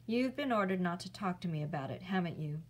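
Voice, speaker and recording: A woman's voice: on the low side, animated, quick pace. A stubborn, sarcastic boy hero, as a woman reader puts him on. He talks bluntly in a storybook read-aloud. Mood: defiant.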